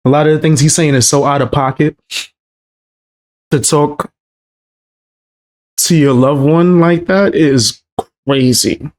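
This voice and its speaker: A man's voice: a little high, fairly even intonation, slow, long pauses, darkish tone. A man streaming a casual live reaction to a video, blunt and slangy, calling things crazy and out of pocket.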